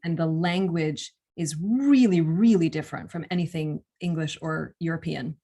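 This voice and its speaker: A young American woman with a notably low voice talks through her craft in an easy, conversational interview. She explains things step by step, pausing now and then to restart a thought. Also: warm tone. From United States. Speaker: audiobook narrator and actor. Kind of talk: casual interview answers.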